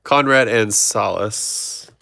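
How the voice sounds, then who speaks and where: Guy ripping baseball cards on stream, low voice, dry close sound. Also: slow pace, creaky, sharp tone, dry recording. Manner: rattles off player names, chats with viewers. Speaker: card breaker host. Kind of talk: live card-opening stream chat.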